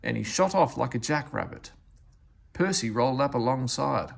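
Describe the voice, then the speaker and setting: Gravelly, expressive male storybook reader. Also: mid-range voice, normal speed. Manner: expressive, animated narration. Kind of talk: children's story read-aloud.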